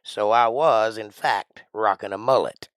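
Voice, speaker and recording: A middle-aged man from Georgia with a Southern accent, chatting playfully and rambling on his livestream, now and then bursting out loud. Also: fairly low pitch, unhurried, no echo, studio quality. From Georgia, USA. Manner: playful, rambling, jokey with sudden loud outbursts. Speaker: livestream host. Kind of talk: casual livestream chat.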